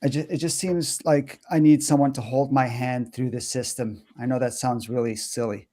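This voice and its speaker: Man, 40s, guest co-host, mellow dark tone, hesitant, halting. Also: medium pitch, steady tone. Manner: hesitant, lots of fillers and restarts. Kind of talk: casual livestream conversation.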